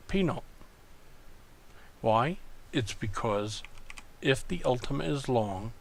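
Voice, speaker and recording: A man teaching an online lesson, working through exercises step by step and thinking aloud in a slow, methodical way. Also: medium pitch, vocal fry, slight background noise. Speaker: Greek tutor.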